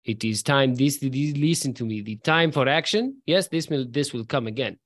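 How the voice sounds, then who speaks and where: A man voicing a demanding male gangster boss in a thick put-on Russian accent, halting and repetitive. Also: mid-range voice, lively intonation, a bit bright.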